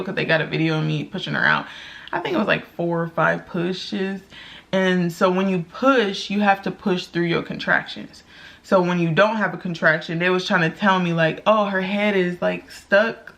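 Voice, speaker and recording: A young woman vlogger telling her own story in a candid, chatty way, often laughing and acting out what people said in a high voice. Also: gravelly, sharp tone. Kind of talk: casual storytelling vlog.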